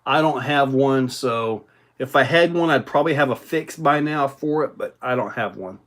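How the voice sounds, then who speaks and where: A man hosting a casual livestream, rambling in a relaxed way with many fillers while answering viewer comments. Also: mid-range voice, moderate pace. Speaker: RC hobby livestream host.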